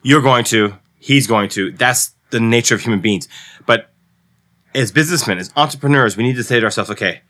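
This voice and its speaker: A man's voice: mid-range voice, brisk, pushed and bright. A man hosting a solo business podcast, talking earnestly with many restarts and repeated words as he coaches listeners. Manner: earnest, rambling with frequent restarts. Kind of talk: solo motivational podcast talk.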